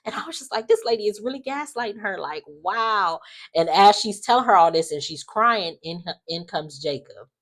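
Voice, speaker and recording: Low-voiced woman recapping soap drama. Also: unhurried. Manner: animated, acts out quotes with dramatic asides. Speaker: soap opera recap host. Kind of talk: casual recap commentary.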